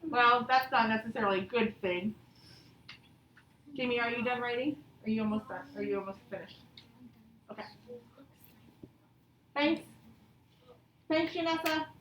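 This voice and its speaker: High-voiced woman teaching a class. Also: normal speed, pauses often, a bit bright, dull audio. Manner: encouraging, thanks each pupil; reads example sentences with exaggerated expression. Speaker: elementary school teacher. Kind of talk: classroom grammar lesson. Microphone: distant mic in the room. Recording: echoey classroom, distant mic, faint hiss.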